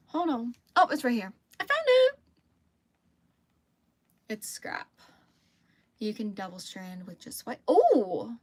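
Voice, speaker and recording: A young woman with a Southern American accent talks casually through a live crafting stream. She is chatty and easygoing, answers viewer comments and laughs easily. Her voice sits at an ordinary middle pitch. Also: no room sound. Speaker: crochet livestreamer.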